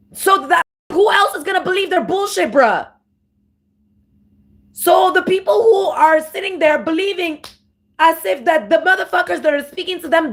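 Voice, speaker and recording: A woman giving an off-the-cuff spiritual monologue, ranting with profanity and slang, restarting phrases and breaking into louder emphatic bursts. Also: high voice. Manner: profane, emphatic rant with sudden louder outbursts. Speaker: spiritual commentator.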